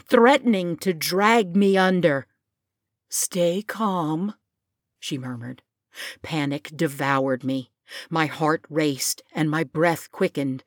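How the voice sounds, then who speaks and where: A woman narrating a storybook with a slow, expressive reading. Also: on the low side, no room sound, studio quality.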